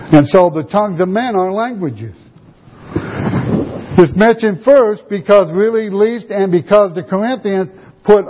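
A man's voice: high-pitched, a little mellow. A male preacher giving a sermon, teaching with emphatic rhetorical questions and answers. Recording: dull lo-fi recording.

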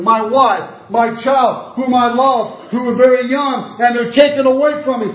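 A man's voice: echoey room, muffled recording. A man preaching a sermon with passion, firing rhetorical questions and swinging his voice up and down. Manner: impassioned, rhetorical questions, wide swings in pitch.

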